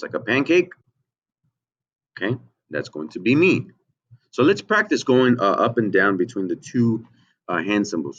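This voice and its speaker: A man teaching a children's music lesson online, patient and slow, often checking in with "okay?" and switching into a high falsetto to sing. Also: fairly bright tone, highs cut off.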